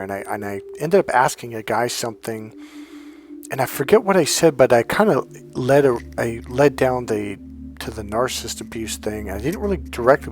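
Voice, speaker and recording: A man's voice: medium pitch, a little hiss or hum. A middle-aged man coaching in a casual monologue, telling his own story in a candid, blunt way with frequent swearing.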